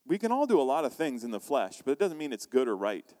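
A man preaching a sermon as pastor, animated, acting out quoted voices and asking the congregation questions. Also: mid-range voice, quick pace, big-room sound.

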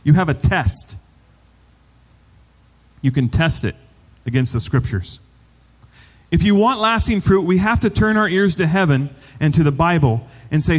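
A man's voice: on the high side, expressive, normal speed, long reverb tail. A man preaching a sermon as pastor, conversational and repeating phrases for emphasis.

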